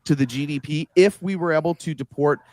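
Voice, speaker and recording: A man's voice: a little high, darkish tone. Defensive, combative man in a debate. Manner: defensive, halting, then rapid and combative. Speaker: debate participant. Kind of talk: heated online debate.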